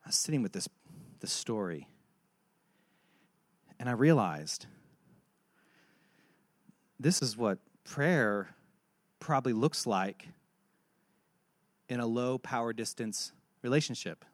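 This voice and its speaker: A man preaching a sermon, telling a Bible story and acting out its dialogue with animated delivery. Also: medium pitch, takes it slowly, pauses often, dry recording. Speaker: pastor.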